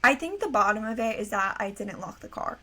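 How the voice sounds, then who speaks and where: A young woman co-hosting a podcast, chatting casually and telling animated stories, acting out what her family said. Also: mid-range voice, fairly quick, husky. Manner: animated storyteller, acts out quoted family voices. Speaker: podcast co-host. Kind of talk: casual chat.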